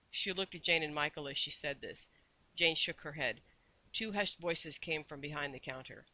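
A man narrating a children's storybook with measured, expressive storytelling. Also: on the high side, dry recording, low-quality recording. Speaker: audiobook narrator. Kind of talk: storybook reading.

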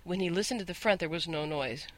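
A man narrating a storybook in a measured, gently expressive way, close to the mic. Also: a little high. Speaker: audiobook narrator.

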